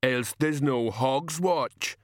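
A man voicing a slow, simple-minded hulking giant who speaks in a plodding rumble. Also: no room sound, clean studio sound, natural voice. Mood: stubborn.

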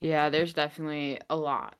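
A woman's voice: low voice, fairly even intonation, fairly quick, clean tone, dry recording. A woman co-hosting a podcast, in casual chat, talking freely and laughing easily. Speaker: podcast co-host.

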